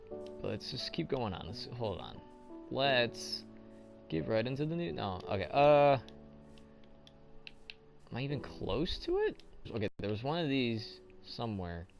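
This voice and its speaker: A man's voice: medium pitch, sing-song, moderate pace, vocal fry, long pauses, faint music behind. A young man hosting a casual gameplay commentary, rambling and asking himself questions as he plays. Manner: rambling, thinks aloud, self-questioning. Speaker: let's play host.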